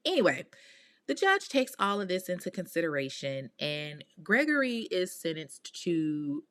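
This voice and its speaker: With a voice on the low side, a woman hosting a podcast recounts a true-crime case casually and with animation. Along the way she vents in blunt, slangy, exasperated asides.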